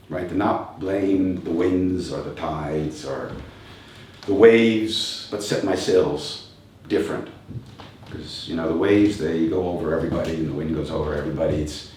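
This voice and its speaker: A man's voice: deep voice, darkish tone. A man in his fifties giving a reflective live talk as a coach, asking rhetorical questions and chuckling often. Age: 50s. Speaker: motivational speaker and coach. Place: event venue with a live audience. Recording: very echoey room, distant mic, faint noise.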